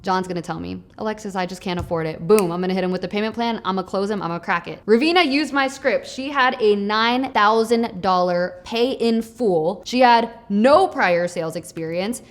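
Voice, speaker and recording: A young adult woman coaching sales in a casual, energetic and persuasive way, with lots of chatty fillers. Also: medium pitch. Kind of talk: casual teaching monologue.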